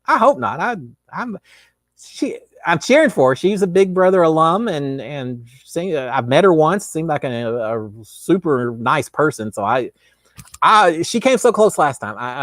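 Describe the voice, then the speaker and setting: With a Texas accent and a slightly bright, mid-range voice, a middle-aged host chats casually on a live stream, wandering through viewer questions with frequent fillers and false starts. The studio sound is clean and free of echo.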